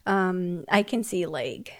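A soft-spoken woman whose first language is Spanish chats casually as an interview guest. She fills her talk with "like" and laughs easily. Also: on the low side, lively intonation, slow. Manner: soft, laughs often, many fillers. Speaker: podcast guest.

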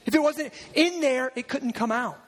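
A man delivers a sermon with a strikingly high voice. He talks to the congregation in a loose, conversational way, tossing in asides and acting out little quotes as he goes. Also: normal speed. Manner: animated, conversational preaching with asides and acted-out quotes. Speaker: preacher.

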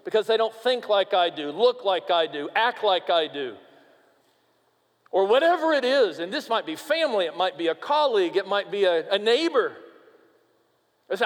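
A man preaching a sermon as pastor, emphatic and animated, sometimes dropping to a quiet, earnest tone. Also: high-pitched, normal speed. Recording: long reverb of a large hall.

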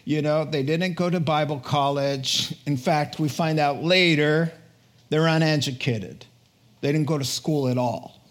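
A male preacher with a slightly high voice delivers a lively sermon. He urges his listeners on, repeats words for emphasis, and drops in joking asides at his own expense. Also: a little slow. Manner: energetic, exhorting, repeats words for punch; jokey asides, laughs at himself.

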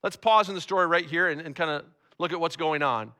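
A man's voice: fairly high pitch, a little fast, sharp tone, clean tone. A man preaching a conversational sermon to a congregation in a church, often repeating words as he talks. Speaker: pastor.

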